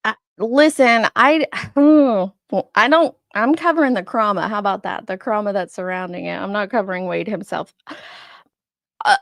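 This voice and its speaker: On a casual live stream, a woman in her forties chats, laughs, and calls out viewers by name. A streaming setup microphone picks up her mid-range, slightly bright voice with vocal fry in clean studio sound without echo.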